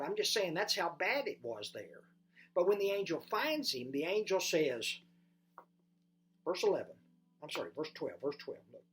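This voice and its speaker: Preaching a sermon, a pastor questions the congregation directly and shifts back and forth from loud, emphatic moments to a quiet, low voice.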